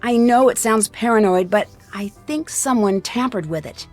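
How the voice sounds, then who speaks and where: A determined young sleuth, voiced by a woman in a mystery video game. She talks politely and plainly, with a slightly high voice. Faint game music sits behind her. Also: normal speed, darkish tone, lightly acted. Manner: polite, earnest and matter-of-fact.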